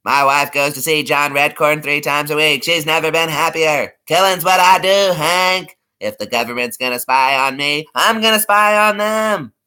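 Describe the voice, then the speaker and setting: A man's voice: on the high side, moderate pace, few pauses, sharp tone, smooth, voice pushed up. A man voicing a paranoid, conspiracy-minded middle-aged cartoon neighbor with a whiny, defensive delivery.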